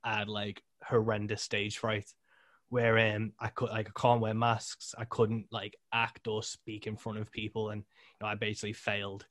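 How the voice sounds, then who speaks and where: A man's voice: lowish voice, normal speed, no room sound, clean studio sound. A man hosting a podcast interview, chatting casually with lots of fillers. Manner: relaxed, lots of "like" and short agreements. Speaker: podcast host, musician.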